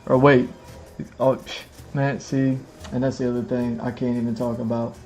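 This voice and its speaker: A man talking loosely on a live stream, circling back and repeating himself with plenty of fillers, his voice sitting at an ordinary middle pitch. Faint music plays behind him as he talks to the camera under bright lights in a room. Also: level tone, normal speed. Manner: rambling, repeats phrases, many fillers. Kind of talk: casual livestream chat. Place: indoors in front of a camera with lights.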